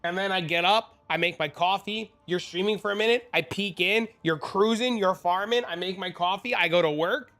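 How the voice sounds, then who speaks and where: A male game streamer chatting casually and profanely with his viewers. His voice is high and bright, and he talks in an animated, bantering way. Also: normal speed, few pauses. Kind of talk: casual live-stream chat.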